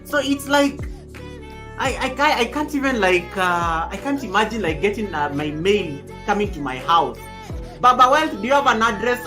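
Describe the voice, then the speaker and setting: A young woman from Kenya chats on her home livestream, loud and lively as she welcomes each viewer by name. Her voice sits at an ordinary middle pitch. Clear music plays underneath her talk. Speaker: livestream host. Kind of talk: casual livestream chat. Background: background music.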